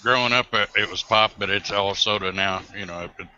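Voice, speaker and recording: A man chatting casually on an online panel, relaxed and telling small stories. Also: fairly low pitch, brisk. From Kansas. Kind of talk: casual chat. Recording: lo-fi call line with faint noise.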